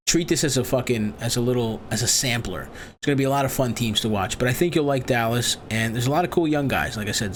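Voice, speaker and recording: A man's voice: medium pitch, slight background noise. A man hosting a comedic call-in advice show, crude, profane and rambling, full of boisterous asides. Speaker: host.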